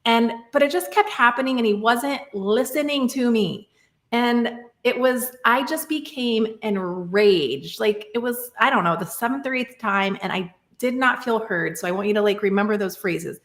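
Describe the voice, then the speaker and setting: A woman's voice: fairly high pitch, moderate pace, reverberant. A woman in her thirties, a podcast guest talking through a personal story in a reflective, casual way, often saying "like" and "right?". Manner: reflective, many fillers like "like" and "right?".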